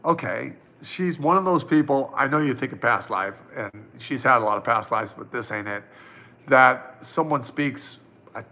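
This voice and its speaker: A man's voice: medium pitch, lively intonation, moderate pace, bright, forceful tone, highs cut off. A man in his fifties, a psychic answering viewers' questions on a live stream in a casual, reassuring way. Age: 50s. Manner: casual, reassuring, chatty with many fillers.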